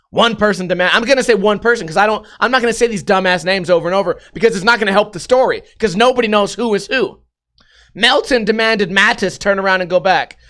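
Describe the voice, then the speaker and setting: A man's voice: sits high, fairly bright tone, smooth. A young man with a profane, rambling comedic style, hosting a podcast and reading news stories aloud with running commentary. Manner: profane, rambling, acts out voices. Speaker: podcast host.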